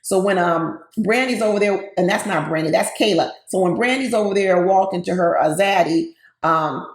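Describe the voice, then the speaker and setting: A woman's voice: mid-range voice, moderate pace. Woman, casual recap commentator, gossipy and full of fillers, recorded in an echoey room. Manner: chatty and opinionated, with many fillers; laughs between her comments.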